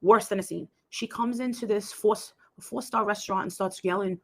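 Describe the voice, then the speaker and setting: A woman's voice: mid-range voice, moderate pace, fairly bright tone. A woman telling a long story in a rambling, casual way, acting out the voices of the people in it. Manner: rambling, acts out quoted voices. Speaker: livestream host telling a story.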